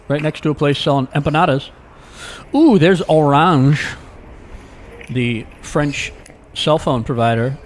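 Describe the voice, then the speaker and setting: A man's voice: fairly high pitch, moderate pace, slight background noise. A man giving a casual walking-tour narration as a vlogger, chatty and full of jokey, rambling asides, recorded outdoors on city streets.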